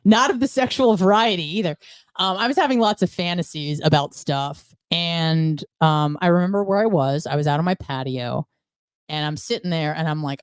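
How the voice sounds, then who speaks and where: A woman with a low, clear, resonant voice appears as a podcast guest, telling her story candidly and bluntly at a normal speed with frequent swearing. There's no room sound.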